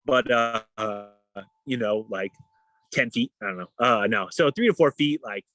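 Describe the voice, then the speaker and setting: A man's voice: medium pitch, normal speed, no echo. A young adult man, a guest in a casual interview, telling a story and acting out the voices of the people in it. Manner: animated, acts out quoted dialogue. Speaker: guest, endurance athlete.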